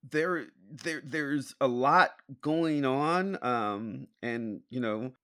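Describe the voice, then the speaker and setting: A man co-hosting a casual podcast, talking haltingly with restarts and frequent laughs. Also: mid-range voice, bright, forceful tone, smooth, dry recording, clean studio sound. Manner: halting, stammering, laughs a lot. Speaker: podcast co-host.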